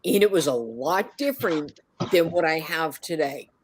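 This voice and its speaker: An older woman in a casual chat, speaking in a measured, matter-of-fact way. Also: sits low, expressive, breathy edge.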